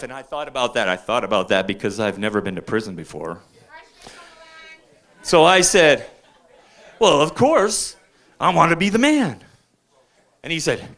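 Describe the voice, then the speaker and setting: An older man telling loose, rambling stand-up stories into a stage mic, with a bright, forceful voice pitched a little high. He keeps checking in with the room as he talks. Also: expressive, normal speed, long pauses. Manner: chatty, keeps checking in with the crowd. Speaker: open mic comedian. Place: bar stage at an open mic.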